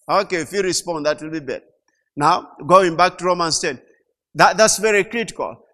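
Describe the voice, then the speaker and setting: A middle-aged man preaching a sermon, slow and emphatic, repeating key phrases and rising to loud peaks. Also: high voice. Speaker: pastor.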